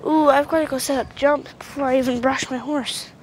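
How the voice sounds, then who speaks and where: A young woman with a high, brisk voice and fairly even intonation vlogs casually at a horse pasture while doing chores. Chatty and rambling, she talks sweetly to her horses on a handheld camera, and the outdoor recording is noisy.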